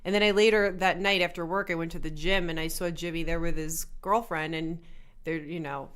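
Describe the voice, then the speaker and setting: A woman's voice: lowish voice, steady tone, fairly quick, a bit bright, smooth. A woman guest on a podcast, telling a story in casual chat and acting out the quoted dialogue.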